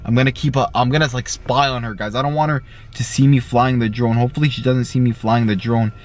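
A man giving excited vlog commentary from inside a car, repeating himself with constant exclamations. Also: medium pitch, fast. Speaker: YouTuber.

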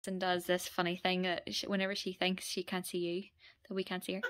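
Bright-voiced mum vlogging. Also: female voice, level tone, moderate pace. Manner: chatty, with high sing-song baby talk. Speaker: vlogger and mother. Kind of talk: casual vlog chat. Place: at home, indoors.

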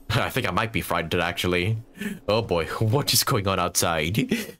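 A man's voice: low-pitched, lively intonation, measured pace, a crowd in the background. A man streaming a video game, reacting with baffled laughter and swearing in casual commentary.

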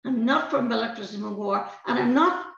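A woman's voice: fairly high pitch, a little fast, gravelly, fairly bright tone. An older woman with a Northern Irish accent, speaking as a guest in an impassioned, emphatic way and often repeating words. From Northern Ireland. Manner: emphatic, passionate, repeats words when stirred. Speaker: guest, peace activist. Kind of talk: impassioned conversation. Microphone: video call. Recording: roomy, dull lo-fi webinar audio.

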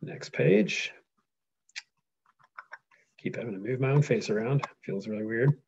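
A man teaching a lesson, reading an epic poem aloud and pausing to explain it in a casual way, often checking in with "right?". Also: medium pitch, gravelly, a little mellow, muffled recording, a little hiss or hum. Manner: reads dramatically, then explains casually with frequent "right?".

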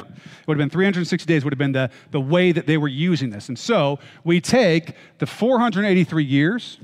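Male pastor, slightly higher voice, preaching in a chatty, joking way; echoing hall. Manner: conversational, joking asides, checks in with listeners. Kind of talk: sermon. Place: church hall.

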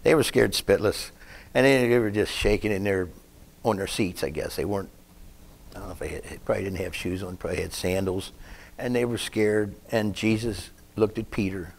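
A man with a fairly low voice preaching a sermon. He tells his stories in a folksy, rambling way and drifts into asides about himself. When he stresses a point, his voice climbs and gets louder. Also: fairly even intonation, normal speed, creaky. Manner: folksy, rambling storyteller who breaks off to comment on himself.

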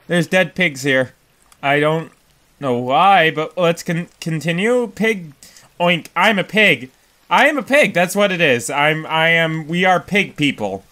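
A young man giving excitable let's-play commentary, exaggerated and squealing at cute things. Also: high-pitched. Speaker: gaming YouTuber.

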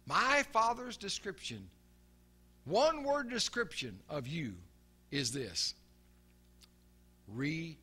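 An older man preaching a sermon in an earnest way, often repeating his words and softening to a low murmur when quoting. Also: huge pitch swings, takes it slowly, slightly rough.

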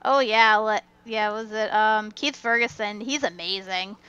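A woman's voice: mid-range voice, measured pace, sharp tone, clean tone, dry recording. A woman co-hosting a casual fan discussion podcast, chatty and giggly, saying "like" a lot. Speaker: podcast co-host. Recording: dull, dry lo-fi mic.

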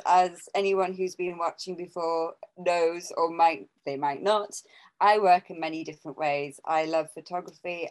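A woman's voice: on the low side, rough recording. An English woman co-hosting an art podcast, chatting casually, rambling with many restarts and small laughs. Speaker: podcast co-host and artist. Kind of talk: casual chat.

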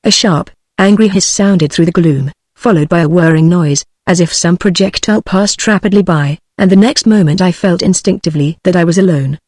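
A text-to-speech woman's voice with a British English accent, reading a gothic short story aloud in an even, measured way. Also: on the low side, dry recording, studio quality. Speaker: audiobook narrator. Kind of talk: synthetic audiobook reading.

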